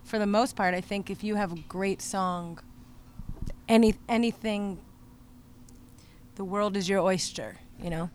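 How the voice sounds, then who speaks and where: A woman musician talks through her songwriting in a reflective, hesitant way, pausing often and filling gaps as she thinks. Her voice sits mid-range, with a faint hiss of noise behind it. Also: medium pitch, steady tone, a little mellow. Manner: thoughtful, hesitant, many fillers. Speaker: musician guest. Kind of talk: conversational interview.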